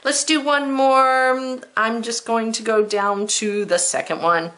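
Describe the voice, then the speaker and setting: A woman's voice: on the high side, steady tone, slow pace, fairly bright tone. A woman teaching a children's spelling lesson, who spells words letter by letter and thinks aloud, step by step, in a patient way.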